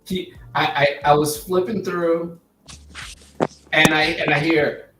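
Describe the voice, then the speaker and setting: A man talking in an earnest, halting way, stumbling over the first words of his sentences. He sits well back from the mic in an echoey room, with soft music playing underneath. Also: fairly high pitch, little pitch movement. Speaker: guest, group member. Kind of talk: casual chat. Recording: roomy sound from far off the mic.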